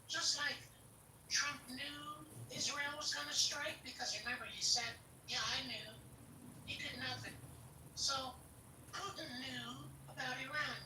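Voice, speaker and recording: A man's voice: very high-pitched, bright, forceful tone, distant mic. A man in a heated political podcast debate, blunt and combative, swearing and talking over others. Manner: blunt, combative, profane, interrupts. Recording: echoey, off-mic with faint noise.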